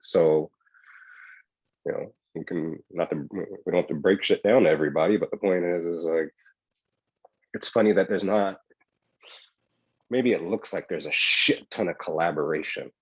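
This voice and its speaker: A man's voice: sits low, normal speed, pauses often, breathy edge, no room sound, muffled recording. A man co-hosting a podcast, talking in a loose, rambling way full of "right?" and "yo". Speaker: podcast co-host. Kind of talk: casual chat.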